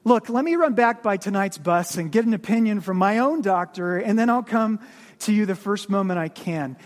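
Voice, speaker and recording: A man's voice: high-pitched, moderate pace, natural voice. A man voicing a timid, fearful male ghost who pleads and whines in a raised voice. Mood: pleading. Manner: whiny, pleading, rising to panicked cries. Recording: long reverb of a large hall.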